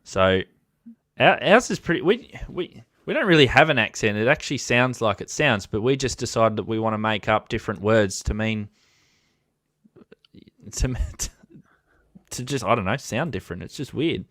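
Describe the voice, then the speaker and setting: A man's voice: medium pitch, expressive, normal speed, a bit bright, no room sound, studio quality. An Australian man hosting a casual live-stream chat, joking around, laughing often and reading out viewer comments. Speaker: host of a ham radio channel.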